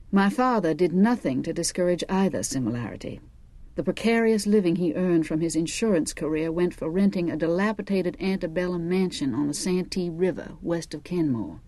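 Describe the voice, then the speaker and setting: A woman reads a first-person novel aloud with measured, wry storytelling. Her voice sits low and mellow. The recording is close and completely dry, with no room sound. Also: no room sound. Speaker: audiobook narrator. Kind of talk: first-person audiobook narration.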